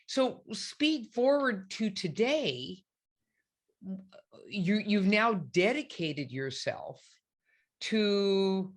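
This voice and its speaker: A woman doctor talking as a podcast guest, emphatic and encouraging, acting out other people's thoughts as she speaks. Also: fairly low pitch. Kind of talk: animated conversational advice.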